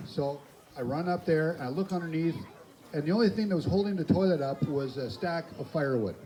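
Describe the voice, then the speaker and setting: A man's voice: fairly high pitch, sing-song, normal speed, pauses often, darkish tone, a little hiss or hum. An older man giving a farewell speech at a campground, telling folksy, self-deprecating stories to the gathered campers, recorded outdoors on a phone on a tripod. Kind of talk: storytelling speech to a crowd. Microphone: phone camera on a tripod at a distance. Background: crowd of campers.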